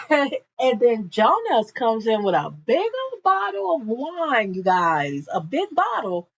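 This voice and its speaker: A woman's voice: a little high, slow, gravelly, muffled recording. Chatty woman recapping a show. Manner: animated, chatty, addresses viewers as y'all. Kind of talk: casual recap storytelling.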